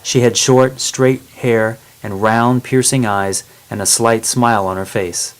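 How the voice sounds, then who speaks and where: A man's voice: medium pitch, measured pace, hardly any pauses. Man narrating a storybook steadily. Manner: steady, plain reading.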